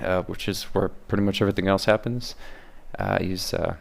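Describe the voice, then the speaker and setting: A man's voice: deep voice, flat delivery, a little fast, gravelly. A man talking casually about how he makes his voice videos, hesitant with many fillers. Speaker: voice-impression creator. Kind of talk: casual behind-the-scenes commentary.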